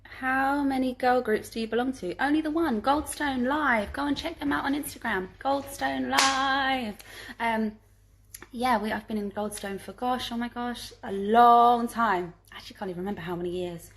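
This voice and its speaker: A woman's voice: fairly high pitch, normal speed. A woman, chatting casually on a live stream from home and reading out viewer questions, giggly and full of ums. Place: home living room.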